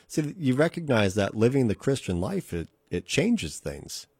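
This radio podcast host has a medium-pitched, husky, darkish voice with a sing-song lilt and moderate pace, captured as clean, echo-free studio sound. Earnest yet conversational, he delivers a casual sermon, repeating phrases to drive points home.

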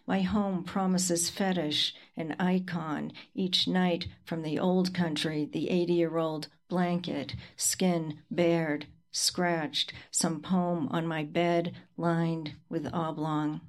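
A woman reading her poetry aloud at a live reading, in a slow and deliberate recitation with pauses. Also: on the low side, flat delivery. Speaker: poet.

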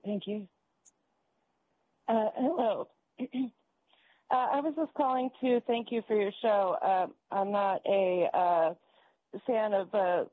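A woman in her late thirties calling in to a radio show, speaking hesitantly with many fillers. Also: mid-range voice. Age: 30s. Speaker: caller. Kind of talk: phone-in call. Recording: tinny phone line.

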